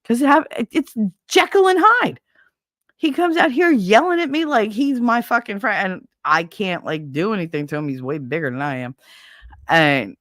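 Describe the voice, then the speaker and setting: A woman's voice: medium pitch, expressive, normal speed, a bit bright, no room sound, clean studio sound. A middle-aged woman hosting a casual livestream, venting bluntly and profanely about her kids and household chores. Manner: blunt, profane, exasperated ranting. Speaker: livestream host.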